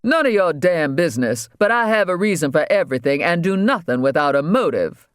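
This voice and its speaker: A man's voice: a little high, lively intonation, smooth, no room sound, clean studio sound, pitched above the performer's own voice, close to an everyday voice. A man doing a snarling surly inmate. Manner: snarling, slow. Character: surly big male inmate, foul-tempered.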